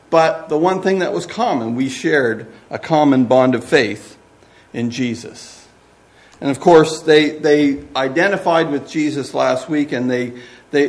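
Pastor guy preaching, earnest, kinda high voice, repeats words. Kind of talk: sermon.

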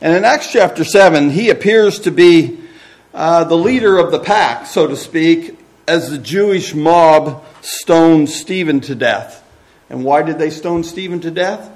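A man's voice: a little high, unhurried. A man preaching a sermon as pastor, earnest and often repeating words as he goes.

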